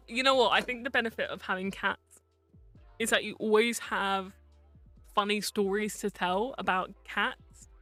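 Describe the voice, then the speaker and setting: Woman streamer, unhurried casual storyteller, laughs a lot, dry close mic with soft background music. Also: medium pitch, dry recording. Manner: chatty, laughing often, lots of fillers and swearing. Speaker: vtuber streamer.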